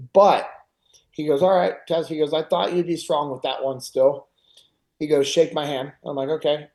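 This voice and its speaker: Man animatedly retelling a story. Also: fairly high pitch. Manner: animated retelling, acts out others' lines. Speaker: podcast host. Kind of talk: casual storytelling.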